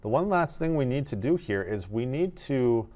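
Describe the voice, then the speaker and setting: A man teaching animation in a screen-recorded tutorial, explaining each step in a methodical, relaxed way. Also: mid-range voice, normal speed.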